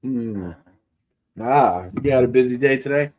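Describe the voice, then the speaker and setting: Man, livestream host, casual rambling chat, mid-pitched voice. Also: unhurried, darkish tone. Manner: rambling, chatty, greets chatters by name.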